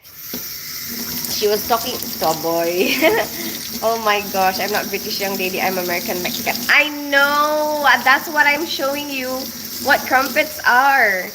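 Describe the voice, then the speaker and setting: A woman's voice: a little high, unhurried, noisy background. A woman who grew up in the Philippines, casually chatting on a live stream, reading out comments and greeting viewers by name while laughing often. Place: home in North London.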